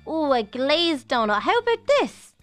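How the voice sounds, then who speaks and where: A young woman narrating a game role-play in an animated, exclaiming, motherly way. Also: high voice, a little slow, faint music behind.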